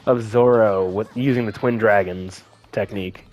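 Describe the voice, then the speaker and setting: A man's voice: on the low side, moderate pace, highs cut off. A young man chatting casually as a gaming co-host, telling an anecdote and acting out the quoted voices. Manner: animated storyteller, acting out quotes. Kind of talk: casual chat.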